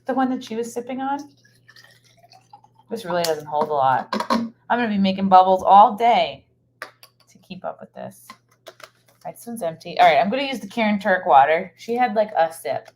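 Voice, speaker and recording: A woman's voice: on the low side, lively intonation, normal speed, darkish tone, a little hiss or hum. A woman comedian chatting casually on a live stream in a hotel room, rambling and scatterbrained with plenty of fillers. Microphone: microphone set up for streaming.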